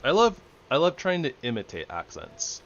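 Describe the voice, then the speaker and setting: A man's voice: mid-range voice, huge pitch swings, normal speed, vocal fry, a bit bright, highs cut off, a little hiss or hum. A young man chatting casually and rambling while he plays a game, chuckling often. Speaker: gaming streamer. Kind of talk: casual gameplay chat.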